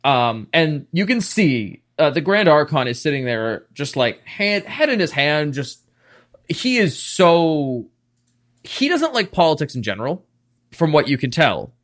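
A man running a tabletop game as its game master, with a voice that sits a little high. He narrates scenes at length in a lively, animated way. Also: unhurried.

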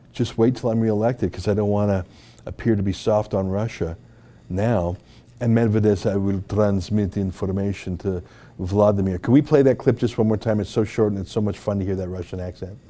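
Man, studio host, dark mellow tone, argues his points hard, lots of "uh" and restarts. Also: lowish voice, brisk. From Alberta, Canada. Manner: emphatic, argumentative, with frequent fillers and restarts. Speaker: political commentary host. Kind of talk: opinionated commentary.

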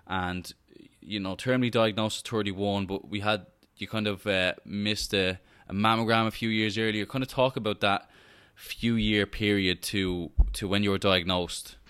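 Smooth low-voiced male podcast host. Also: steady tone, fairly bright tone. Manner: halting, repeats words, casual. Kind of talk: interview questions.

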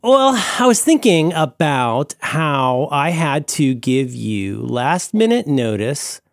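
Casual podcast guest, man, lively pitch, meandering and playful, dry close sound. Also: takes it slowly, gravelly, no room sound. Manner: rambling, self-interrupting, playful silly voices. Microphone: remote call mic.

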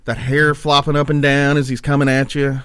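A man's voice: medium pitch, flat delivery, fairly quick, a bit bright, clear, resonant tone, dry recording. Podcast co-host, male, dry close sound; jokey, contrary. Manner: joking, argumentative, plays devil's advocate. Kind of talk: casual banter.

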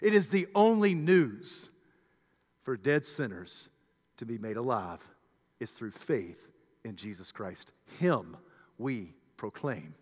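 A man preaching a sermon with passion, swinging from shouted peaks to hushed low passages. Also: big pitch swings, slow pace, long reverb tail.

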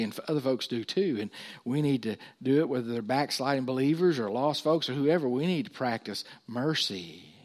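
A pastor preaching a sermon in a mid-pitched male voice. He climbs higher and louder as he reads scripture aloud, then sinks low and soft for quiet asides.

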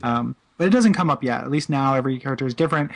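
A man's voice: mid-range voice, lively intonation, vocal fry. A man in his thirties co-hosting a casual chat, rambling with many "like"s and "you know"s and laughing easily. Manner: amused, quick to laugh. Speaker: podcast co-host. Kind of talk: casual chat about a video game.

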